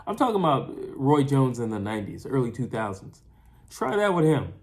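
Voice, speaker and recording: Animated man giving boxing opinions. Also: mid-range voice, normal speed. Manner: animated, repeats phrases, many fillers and restarts. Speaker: boxing commentator. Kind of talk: casual opinion monologue.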